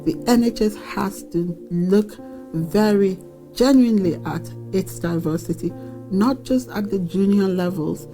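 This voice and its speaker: A woman speaking firmly and deliberately in an interview. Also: mid-range voice, warm tone, faint music behind. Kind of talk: interview statement.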